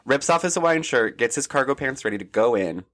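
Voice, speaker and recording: A man co-hosting a podcast, retelling scenes casually in an animated way and laughing often. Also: mid-range voice, brisk. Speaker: podcast co-host. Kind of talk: casual chat.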